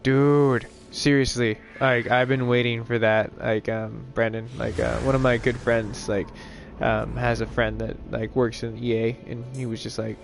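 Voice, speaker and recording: A man's voice: mid-range voice, level tone, measured pace, creaky, music in the background. Rambling guy streaming games. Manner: rambling, profane, lots of "like" fillers. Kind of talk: casual gaming stream chat.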